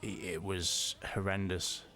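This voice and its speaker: A man telling a personal story in a halting way, often repeating words and restarting. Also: sits low, flat delivery, bright, forceful tone, faint music behind. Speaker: vlogger.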